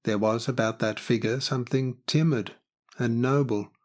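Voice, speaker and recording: A man's voice: mid-range voice, steady tone, moderate pace. Man narrating a literary audiobook.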